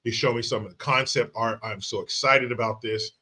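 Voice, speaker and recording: A man hosting a loose livestream who chats straight to his viewers, greeting them by name. His talk is animated and salted with swearing. His voice sounds bright and forceful. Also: medium pitch, fairly quick. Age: adult father of young children. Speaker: livestream host. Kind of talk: casual livestream chat, reading viewer comments.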